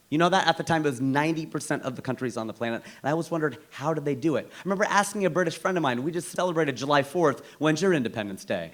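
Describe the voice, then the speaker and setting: A man from the United States doing a stand-up comedy set, with an animated, incredulous punchline delivery. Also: mid-range voice.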